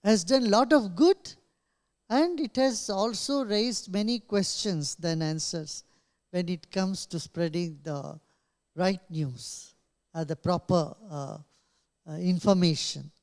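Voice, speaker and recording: A man answering questions at a press conference in a slow, measured way, pausing often with small laughs. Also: sits high. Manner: slow, measured, with many pauses and soft laughs. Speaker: invited speaker. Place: press club conference room.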